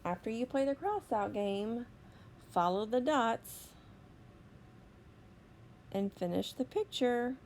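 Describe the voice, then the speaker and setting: A woman teacher giving a slow, deliberate phonics lesson to young children, stretching out each sound. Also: a little high, expressive, darkish tone, slight background noise. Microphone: recorded voice-over for a whiteboard lesson video.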